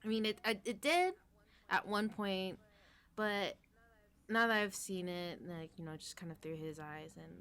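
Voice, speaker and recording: A woman guest in a casual podcast chat, rambling with many fillers and trailing off softly. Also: mid-range voice, measured pace. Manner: rambling, full of fillers, trailing into near-whispers.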